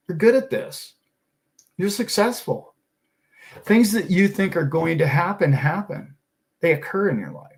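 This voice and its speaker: A middle-aged man with a slightly high voice hosts a finance show. He talks in a casual, motivational way and fires off one rhetorical question after another. He sounds enthusiastic and a little preachy. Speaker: host of a finance and crypto show.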